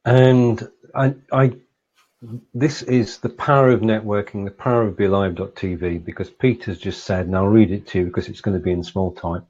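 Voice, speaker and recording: A man hosting a live stream in a relaxed, chatty way, reading out viewer comments. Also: fairly low pitch, normal speed, muffled recording. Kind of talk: casual live-stream interview.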